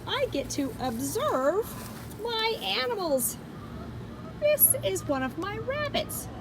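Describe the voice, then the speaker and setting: A woman kindergarten teacher talks slowly, in a sing-song voice that swoops wildly up and down. She keeps an exaggerated, enthusiastic tone for her little listeners. Faint ambient sound hangs behind her. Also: high-pitched, background noise. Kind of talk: read-aloud science lesson for young children. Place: school campus, partly outdoors.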